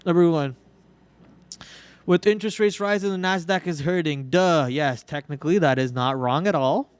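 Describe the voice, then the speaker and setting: A man's voice: on the high side, moderate pace, smooth. A young man hosting a live trading stream in casual commentary, joking and melodramatically whining about his losses. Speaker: trading livestream host.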